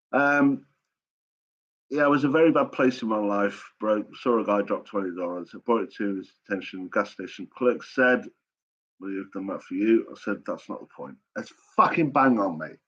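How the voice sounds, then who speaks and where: A man's voice: lowish voice, lively intonation, moderate pace, pauses often, a bit bright. A man hosting a live chat stream, talking casually in a blunt, sweary and rambling way. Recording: dull lo-fi stream audio.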